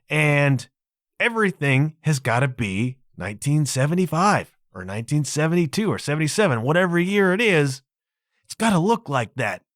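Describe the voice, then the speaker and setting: A man's voice: on the high side, no room sound, clean studio sound. A man in his fifties hosting a solo podcast, talking casually and chattily with frequent asides to his listeners. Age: 50s. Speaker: podcast host.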